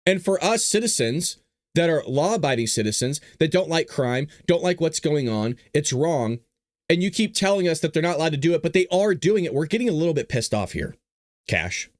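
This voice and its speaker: A man hosting a show, giving sarcastic opinion commentary in an animated way. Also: fairly high pitch, a little fast, dry recording, clean studio sound. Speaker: show host.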